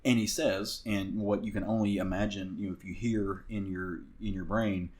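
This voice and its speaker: A man's voice: low voice, fairly even intonation, normal speed, darkish tone. A man with a Southern US accent co-hosting a podcast, recapping a comic book in a rambling casual way with many fillers and restarts. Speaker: podcast co-host.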